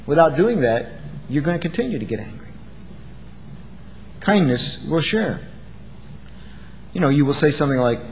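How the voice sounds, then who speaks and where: A man's voice: a little high, lively intonation, normal speed, pauses often, in a large hall, slight background noise, poor audio. A man preaching an earnest sermon, acting out quoted lines as he goes.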